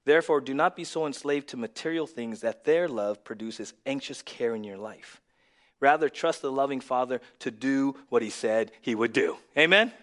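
A male pastor preaching a sermon, dropping to a near whisper and then rising to loud, emphatic lines. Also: mid-range voice, normal speed. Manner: swings from hushed to loud and emphatic.

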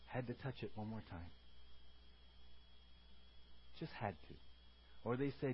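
A man preaching a sermon as a pastor. He moves between loud, emphatic teaching and soft, quiet asides, and he calls out to the congregation for responses. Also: mid-range voice, moderate pace, pauses often, muffled recording, slight background noise.

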